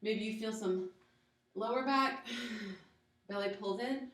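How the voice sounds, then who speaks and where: A woman's voice: fairly high pitch, takes it slowly, distant mic. Woman yoga teacher in an echoey room. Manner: encouraging, gives steady step-by-step cues and countdowns. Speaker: yoga instructor. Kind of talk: guided workout instruction.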